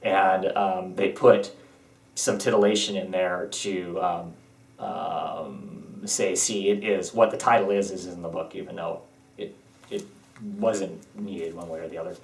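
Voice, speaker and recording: Low-voiced man rambling in an echoey room. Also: steady tone, measured pace, creaky, recorded from a distance. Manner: rambling, hesitant with many ums and restarts. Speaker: comic book reviewer. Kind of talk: casual spoken review.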